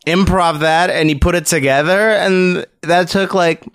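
A man's voice: sits high, steady tone, a little slow, fairly bright tone, clean tone. A man, a stand-up comedian, telling anecdotes with a laugh in a casual chat.

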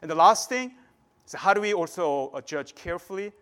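A man's voice: sits high, animated, fairly quick, fairly bright tone, smooth. A man preaching a sermon in a conversational way, often checking in with the listeners. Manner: conversational preaching, frequent "right?" tags.

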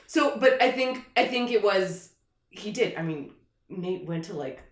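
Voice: medium pitch, expressive, unhurried. Chatty cohost, laughs easy, says yeah a lot, echoey room. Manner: chatty, laughs easily, many agreeing fillers. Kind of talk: casual chat. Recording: roomy echo.

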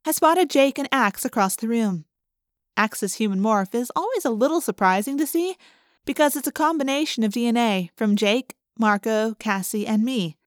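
A woman narrating a first-person audiobook in a lively, expressive way, speeding up in excited passages. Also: on the high side, moderate pace, no room sound, studio quality.

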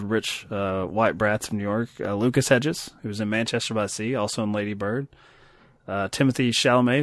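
Low-voiced man rambling about movies. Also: dry recording, clean studio sound. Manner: rambling, self-deprecating, laughs often. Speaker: podcast co-host. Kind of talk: casual film chat.

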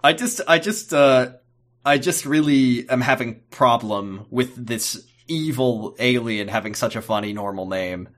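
A man's voice: medium pitch, a little slow, fairly bright tone. A man co-hosting a podcast, chatting casually about a TV episode, rambling and hesitant with many fillers. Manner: rambling, hesitant, with goofy put-on voices. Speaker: podcast co-host. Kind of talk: casual chat recapping a TV episode.

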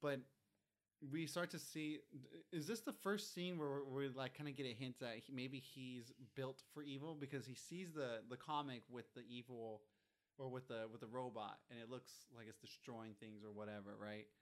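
A man's voice: medium pitch, fairly even intonation, moderate pace. A man co-hosting a casual chat, asking curious questions about a movie. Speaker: podcast co-host.

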